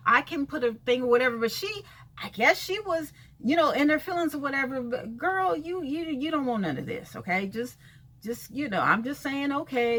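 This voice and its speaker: In her video rant, a vlogger from California speaks straight to those she calls out, cursing without restraint in a blunt, sassy tone. Her voice sits high and sounds pushed and bright.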